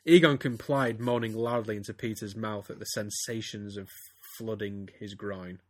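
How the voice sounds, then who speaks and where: A man's voice: on the low side, steady tone, moderate pace, no echo, studio quality. A man, a podcast host giving a theatrical comic reading of a story. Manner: reads theatrically, breaks into laughter. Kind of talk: comedic dramatic reading.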